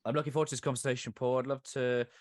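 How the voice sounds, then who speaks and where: A man hosting a podcast interview, chatty and quick to laugh. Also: medium pitch, flat delivery, darkish tone, dry recording, clean studio sound. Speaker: podcast host.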